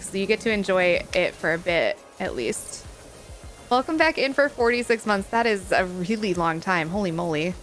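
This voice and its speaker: A woman livestreaming a game reads her chat and banters frankly and playfully with viewers as though they were friends, laughing often. Her voice is fairly high-pitched and fairly bright.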